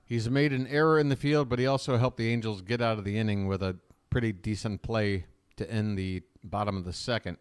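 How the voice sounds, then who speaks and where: Low-voiced chatty baseball play-by-play man. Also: steady tone, brisk, few pauses, smooth, dry recording, clean studio sound. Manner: chatty, opinionated asides between pitches. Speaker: fan play-by-play commentator.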